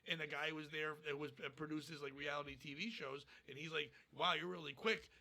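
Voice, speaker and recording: A man's voice: fairly high pitch, flat delivery, fairly quick, bright, forceful tone. A man, a stand-up comedian, talking bluntly and profanely in a casual podcast interview.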